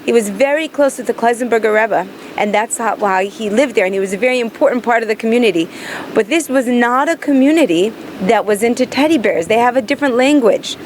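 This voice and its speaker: A woman telling heartfelt personal stories, earnest and emphatic, slowing down to linger on key phrases. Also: fairly high pitch, a little hiss or hum. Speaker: storyteller recounting memories of her grandfather.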